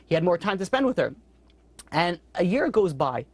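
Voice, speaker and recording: A man who teaches a weekly Torah class, telling stories in a quick, conversational way and jumping up in pitch when he voices characters. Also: big pitch swings, no room sound. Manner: quick, conversational, acts out characters with sudden high-pitched outbursts.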